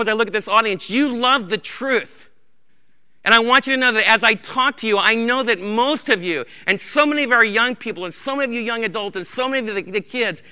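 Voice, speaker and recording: A man's voice: high-pitched, bright, forceful tone, clean tone. A man preaching a sermon as pastor, impassioned and repeating key phrases, in a church sanctuary. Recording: reverberant church hall.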